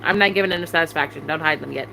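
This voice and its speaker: Her voice sits low, gravelly, pushed and bright, and she talks rapid-fire as this young adult YouTuber vents angrily on a live stream. She repeatedly demands answers from someone with heavy swearing. The low-quality recording carries slight background noise.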